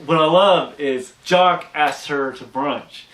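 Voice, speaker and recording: He's a podcast co-host talking slowly in a fairly bright, higher-pitched voice, loosely recapping a cartoon episode with frequent restarts and acted-out character quotes. The sound is echoey, with the mic placed far away.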